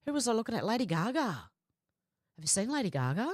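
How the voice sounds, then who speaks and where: A woman's voice: on the high side, sing-song, fast talker, dry recording. A woman hosting a livestream, reading viewer comments aloud in a chatty, laughing way, close to a desk microphone. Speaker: livestream host reading chat. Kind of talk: casual livestream chat.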